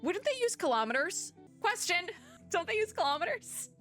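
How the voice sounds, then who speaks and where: A woman's voice: extremely high pitch, sing-song, moderate pace, fairly bright tone. Brief: rambly young woman doing casual let's-play chat, game music faint behind. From US Midwest. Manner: chatty, rambling, heavy use of "like". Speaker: VTuber let's player. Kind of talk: casual gameplay commentary.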